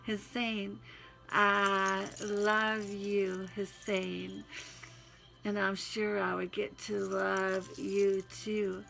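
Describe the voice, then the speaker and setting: A woman's voice: mid-range voice, creaky, a bit bright. An older woman with a Southern accent, chatting in a folksy way into her phone and sneezing now and then, then reading a devotional poem. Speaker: poetry reader.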